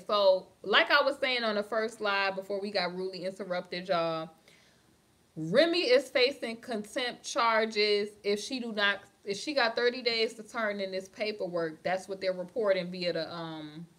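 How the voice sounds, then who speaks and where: A woman's voice: mid-range voice, fairly bright tone. A woman hosting a casual celebrity gossip livestream, chatty and calling her viewers "honey" as she reads their comments. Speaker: livestream host. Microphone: phone or webcam on a live stream.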